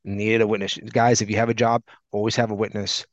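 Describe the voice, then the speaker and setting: A man's voice: lowish voice, brisk, no echo. A man co-hosting a podcast, telling a long story in casual chat, acting out the people in it. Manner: animated, rambling anecdote with acted-out quotes. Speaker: podcast co-host. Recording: dull lo-fi, dry sound.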